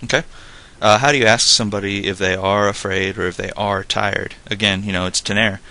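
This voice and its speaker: Gravelly low-voiced man explaining casually. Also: fairly quick. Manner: relaxed, rambling explanations full of "like" and "you know". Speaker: Spanish tutor. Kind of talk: casual spoken lesson.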